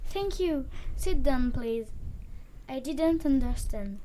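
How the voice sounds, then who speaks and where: Brief: woman as strict schoolteacher, high voice, unhurried, clear instructions, classroom skit. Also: expressive, mellow. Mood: calm, instructive. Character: strict female English teacher. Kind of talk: classroom role-play skit.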